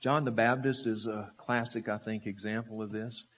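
A man preaching with a low, somewhat husky voice. He drives points home with rhetorical questions and repeated phrases, rising to forceful emphasis and then dropping to quiet, low lines. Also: steady tone, moderate pace. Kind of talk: sermon.

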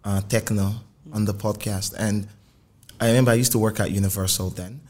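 Male interview host, lowish voice, asks short probing questions. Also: fairly even intonation, brisk, darkish tone. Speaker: podcast host, music journalist. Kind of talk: conversational interview.

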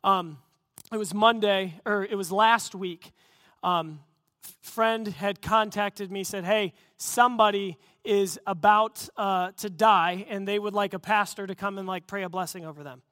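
Male pastor, sermon delivery, high-pitched and earnest, builds to excitement. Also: measured pace, no echo, studio quality. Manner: earnest storytelling preacher, rising to excited emphasis.

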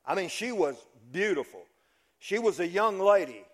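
A man preaching a sermon, telling the story dramatically and swinging from loud to hushed. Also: sits high, expressive, normal speed. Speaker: pastor.

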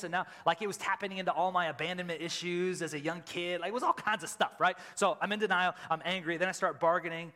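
A middle-aged man, a lead pastor preaching a sermon, telling a personal story and loudly acting out his own reactions. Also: sits high, fairly even intonation, fast talker, few pauses. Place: church sanctuary. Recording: church hall with long reverb.

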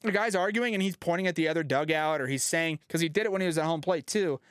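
A man hosting a casual podcast chat, ranting with lots of profanity and lively swings. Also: a little high, fast, clean tone, dry recording, studio quality. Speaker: podcast host.

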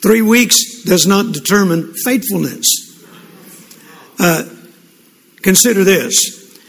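An older man delivers a sermon in a high, husky, gravelly voice. He tells folksy stories and often restarts his sentences. The sound carries the long reverb of a large hall. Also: expressive, takes it slowly, a bit bright. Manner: folksy storytelling with repeated restarts. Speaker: pastor. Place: church. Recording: echoey hall with congregation responses.

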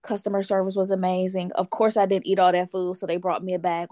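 Animated woman telling a story, dry sound. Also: on the low side, quick pace, no room sound. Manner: animated, acts out quotes of others. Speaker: storyteller on a chat show. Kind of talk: casual storytelling chat. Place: lives in France.

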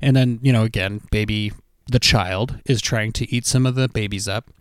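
A man's voice: lowish voice, steady tone, moderate pace, smooth, dry recording, clean studio sound. A man co-hosting a podcast, chatting casually and jokingly acting out silly voices for the people he talks about. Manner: jokey, acts out silly voices. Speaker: podcast co-host. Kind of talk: casual chat.

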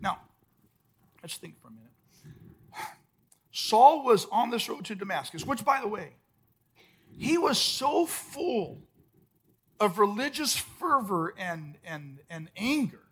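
Male pastor, sermon, very high pitch, husky tone, emphatic, loud-to-hushed swings. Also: sing-song, slow, pauses often. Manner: emphatic preaching, swinging from loud outbursts to soft, hushed lines. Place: church service.

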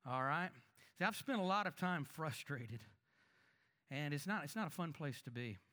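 A male pastor delivers a conversational sermon in a slightly high voice. He keeps turning to the congregation with rhetorical questions and moves between emphatic, raised lines and soft, quiet asides. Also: expressive, normal speed.

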